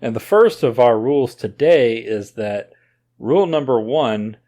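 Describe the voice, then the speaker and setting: A man's voice: medium pitch, lively intonation, a little slow, mellow. A man with a slight Oklahoma twang hosting a podcast in easygoing, rambling casual chat. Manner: rambling, easygoing, many fillers. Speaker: podcast host.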